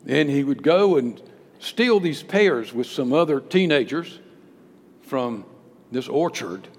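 A male pastor preaching a sermon, emphatic, swinging between loud declarations and hushed storytelling. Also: mid-range voice, expressive, slow. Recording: long hall reverb with faint background noise.

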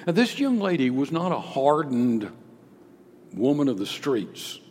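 A male pastor preaching a sermon, emphatic, swinging between loud declarations and hushed storytelling. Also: mid-range voice, sing-song, measured pace. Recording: long hall reverb with faint background noise.

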